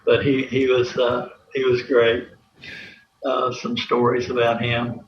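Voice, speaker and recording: A man's voice: medium pitch, completely flat delivery, slow. Chuckling man telling old stories. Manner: rambling, filler-heavy, chuckling anecdotes. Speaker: former college athlete guest. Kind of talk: casual storytelling interview. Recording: roomy, slightly dull, faint hiss.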